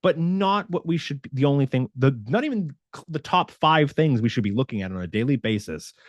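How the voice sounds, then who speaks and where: Speaking fairly quickly in a mid-range voice, a male fitness coach chats casually to camera, animated as he acts out quotes for his viewers. The recording is dry.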